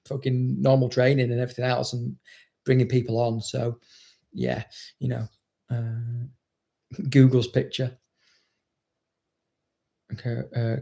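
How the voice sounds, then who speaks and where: Bloke dog trainer chatting away, swears a lot, blunt, bit of gravel in the voice, mid pitch. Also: male voice, warm tone. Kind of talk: casual chat.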